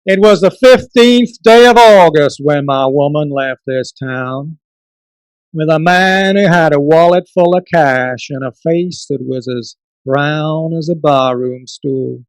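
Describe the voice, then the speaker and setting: A man's voice: on the high side, slow pace, smooth, dry recording, rough recording. A man voicing a heartbroken urban cowboy in a mock American cowboy drawl, reciting rhymed lines in a comic sing-song way. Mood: lamenting. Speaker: poet performing his poem. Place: book launch event.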